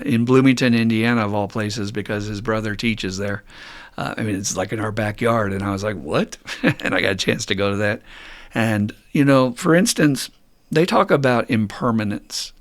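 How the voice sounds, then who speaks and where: A middle-aged man hosting a podcast as a therapist, talking candidly and bluntly with some swearing, getting loud and animated when he makes a point. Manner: animated, rising loud and high when mimicking people. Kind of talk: casual podcast monologue.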